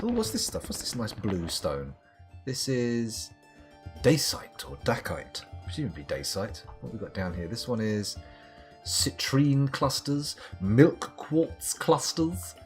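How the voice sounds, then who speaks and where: British guy narrating his game live, deep-ish but bouncy, jokes at his own expense, quiet guitar music under it. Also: big pitch swings, unhurried. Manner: rambling, self-mocking, dry asides. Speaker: let's play streamer. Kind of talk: live gameplay commentary.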